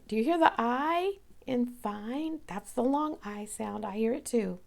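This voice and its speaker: A woman's voice: on the high side, expressive, moderate pace, vocal fry, darkish tone. A woman teacher giving a recorded lesson to young children, patient and careful, stretching out sounds and repeating words.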